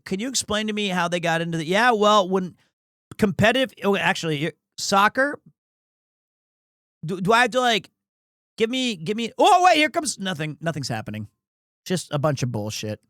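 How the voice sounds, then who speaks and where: A man riffs through casual sports commentary, rambling, crude and quick to mock himself. His voice sits notably high. The sound is dry and close, with no room echo. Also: pushed and bright. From United States. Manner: rambling, crude, self-mocking. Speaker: streamer.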